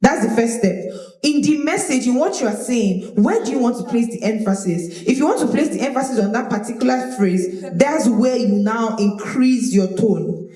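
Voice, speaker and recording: Woman speaking coach, lively high voice, roomy live-workshop sound. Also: moderate pace. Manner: animated, demonstrative, repeats words. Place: large room with audience. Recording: roomy echo of a hall.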